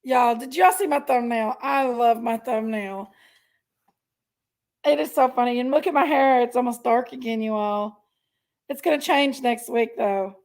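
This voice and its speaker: Woman livestream host, high voice with gravel in it, unhurried. Chatty and affectionate, greets viewers by name and calls them pet names. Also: a little mellow. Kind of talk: casual live chat greeting viewers.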